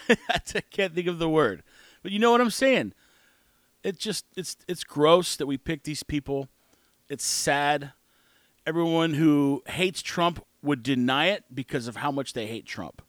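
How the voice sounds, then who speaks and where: A man's voice: fairly high pitch, a bit bright, no room sound. A man hosting his own show, rambling through an opinionated casual monologue. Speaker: podcast host.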